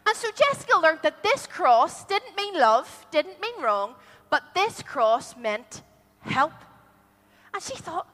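A woman telling a story to a group of children, animated and asking them questions as she goes. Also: very high-pitched, slow pace. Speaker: children's storyteller at a church holiday club. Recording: long hall reverb.

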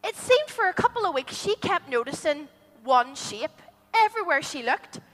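A woman telling a story to a group of children, animated and asking them questions as she goes. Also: high-pitched, normal speed. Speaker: children's storyteller at a church holiday club. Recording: long hall reverb.

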